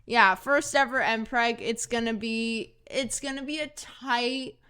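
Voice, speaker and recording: Bright-voiced young woman rambling on a podcast. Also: a little high, clear, resonant tone. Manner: rambling, halting with many fillers and restarts. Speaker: podcast co-host. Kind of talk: casual chat.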